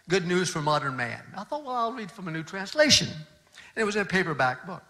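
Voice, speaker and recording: A man's voice: a little high, bright, forceful tone. An older man, a pastor, telling a personal story in a sermon in an earnest, conversational way with frequent restarts.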